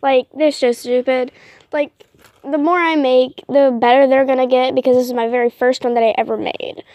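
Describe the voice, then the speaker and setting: A young woman vlogging casually, rambling and apologizing a lot between lots of fillers, with excitable bursts. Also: sits high, moderate pace, no room sound, lo-fi sound.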